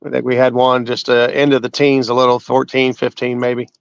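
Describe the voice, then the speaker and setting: A man's voice: medium pitch, monotone, brisk, clean tone, no room sound, muffled recording. A man hosting a fishing channel, chatting in an easygoing, folksy and hospitable way. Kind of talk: casual chat on a fishing livestream.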